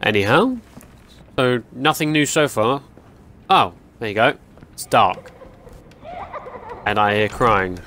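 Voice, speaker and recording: A young gaming channel host gives chatty, rambling commentary while playing a horror game, easily startled and often yelping and laughing at the jump scares. His medium-pitched voice has lively intonation, sounds pushed and bright, and moves slowly with frequent pauses.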